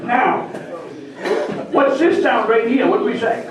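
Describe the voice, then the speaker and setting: Maine guy doing a comedy bit for a crowd, real high voice, slow drawl, big echoey hall with people all around. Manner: broad drawled joking, teasing the crowd with call-and-response. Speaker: humorist. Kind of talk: stand-up comedy lesson to an audience. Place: hall with a live audience. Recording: echoey hall, mic far off, crowd audible.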